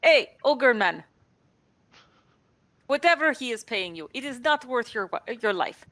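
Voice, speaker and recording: A woman's voice: fairly high pitch, animated, a bit bright, dry recording. A woman voicing a persuasive adventurer in a put-on accent, talking down an ogre. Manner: persuasive, slow and emphatic.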